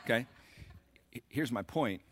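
A man's voice: mid-range voice, lively intonation, a little slow, fairly bright tone, breathy edge, dry recording. A middle-aged man preaching a sermon as pastor, building to emphatic surges and talking directly to the congregation.

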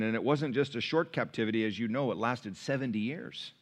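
A man's voice: mid-range voice, brisk, few pauses. A man, a pastor, preaching a sermon and reading scripture, building emphasis through repeated phrases. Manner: preaching with rising emphasis and repetition.

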